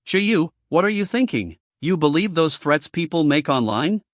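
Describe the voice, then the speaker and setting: A man's voice: on the high side, very animated, moderate pace, dry recording, studio quality. A man voicing a puzzled, dismissive female talent manager. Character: calm female talent manager, older sister type.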